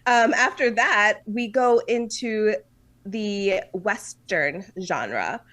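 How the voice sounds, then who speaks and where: A woman co-hosts a podcast in casual chat, her mid-range, fairly bright voice drawing out words on a rough recording. She talks loosely and chattily, with many fillers and frequent laughter.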